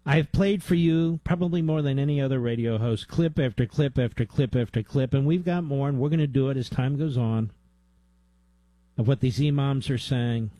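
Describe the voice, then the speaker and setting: An indignant male talk radio host with a dark, mellow tone. His voice is close and dry, with no room sound, and his pitch climbs as he presses each point. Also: normal speed, dry recording. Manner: indignant, emphatic, rises in pitch when heated.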